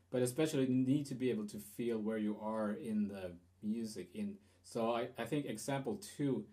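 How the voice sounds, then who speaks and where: A man's voice: mid-range voice, dark tone. A man giving a guitar lesson, explaining rhythm in a hesitant way with fillers and restarts. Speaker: guitar teacher.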